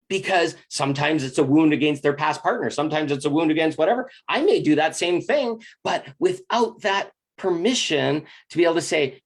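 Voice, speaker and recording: A man's voice: on the high side, a little fast, few pauses. A man giving a confessional monologue about relationships. He speaks intensely and bluntly, swears freely, and sounds earnest and emotionally open. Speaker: spiritual relationship coach.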